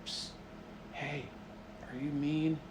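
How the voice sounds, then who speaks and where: A man's voice: a little high, flat delivery, slow, echoey room, slight background noise. A man voicing a brave, curious young girl in a bedtime story, in a light, raised voice.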